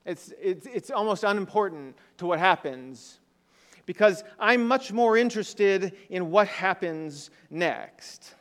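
A man's voice: sits high, lively intonation, takes it slowly, fairly bright tone. A man preaching a sermon in a conversational way, often asking the congregation rhetorical questions. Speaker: pastor. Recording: long hall reverb.

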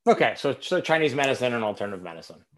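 A man hosting an interview, talking in a measured way and steering it with questions. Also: mid-range voice, animated. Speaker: interview host. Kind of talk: interview conversation.

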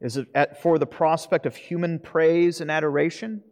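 A man's voice: a little high, fairly even intonation, normal speed, darkish tone. A pastor preaching a sermon earnestly, asking his listeners rhetorical questions. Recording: long reverb of a hall.

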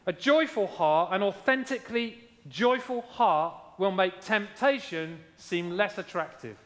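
A man's voice: sits high, expressive, a little slow, a bit bright, long reverb tail. A man preaching a sermon as pastor, emphatic, repeating key lines and asking his congregation how they are doing.

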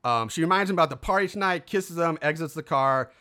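A man's voice: fairly high pitch, lively intonation, fast, sharp tone. A man casually recapping a film's plot, rambling with fillers and acting out the lines of the characters. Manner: rambling, lots of fillers, acts out quotes. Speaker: podcast co-host recapping a film.

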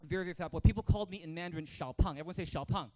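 Canadian pastor guy, high voice, fired up, preaching and telling stories to the church. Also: rapid-fire. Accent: Canadian English. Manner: energetic, calls for amens, tells stories with acted-out voices. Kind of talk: sermon.

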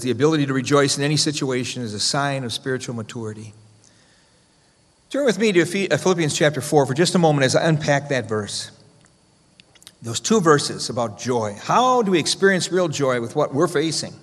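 A pastor preaching a sermon, rising to loud emphasis and dropping to hushed, slow quotations. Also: male voice, medium pitch, lively intonation. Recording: long reverb of a church hall.

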